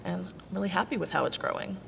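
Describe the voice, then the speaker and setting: A woman's voice: fairly low pitch, fast talker, gravelly. A woman, a birth mother on a panel, telling her personal story in a candid, wry, self-deprecating way. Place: conference hall. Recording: echoey hall with faint noise.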